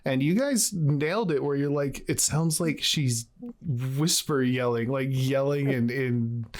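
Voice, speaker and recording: A man's voice: mid-range voice, a little slow. A man in casual podcast chat about a game, rambling and laughing often. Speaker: podcast co-host.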